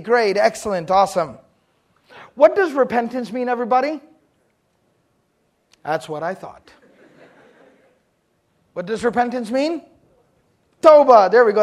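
A man from Texas with a Texan accent, lecturing a class on Quranic Arabic terms in a joking, lively way that quizzes his listeners. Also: very high-pitched. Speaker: Islamic studies teacher.

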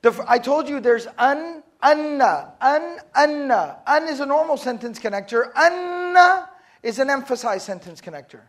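A man's voice: very high voice, a little fast, few pauses. A man teaching a class on Arabic terms, asking students questions and explaining each word step by step. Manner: quizzes the class and answers himself. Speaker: Islamic studies teacher. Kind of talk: classroom lecture.

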